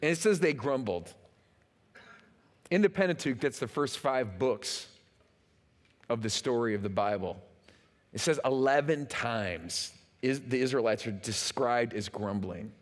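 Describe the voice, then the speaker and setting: A man preaching a sermon as pastor, animated and talking to the congregation, acting out quotes and repeating words for effect. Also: mid-range voice, measured pace, long pauses. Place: large church auditorium. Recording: long hall reverb.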